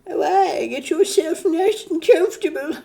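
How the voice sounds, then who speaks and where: A woman voicing a lecherous, leering old grandpa with a shrill, cackling voice, as a comedic bit on a stream. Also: measured pace, creaky, warm tone, full character voice. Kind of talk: comedic role-play on stream.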